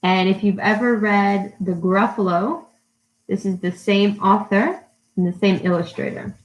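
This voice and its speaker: A woman leads a live storytime lesson for children. She talks slowly and deliberately, in an easy mid-range voice. She greets each viewer by name and asks simple questions meant for young learners. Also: mid-range voice, muffled recording. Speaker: English teacher for children. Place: her home in a city.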